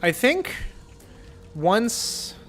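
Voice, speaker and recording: A man's voice: high-pitched, big pitch swings, extremely slow, fairly bright tone, soft background music. Rambling male gameplay streamer. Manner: rambling, stammering, swears casually. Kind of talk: live gameplay commentary.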